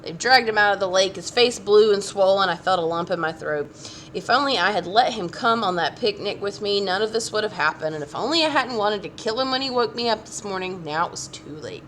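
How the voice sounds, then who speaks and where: Woman reading a children's book aloud, animated delivery, faint background hiss. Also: mid-range voice, brisk. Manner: expressive, lively voicing of the story. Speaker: audiobook reader.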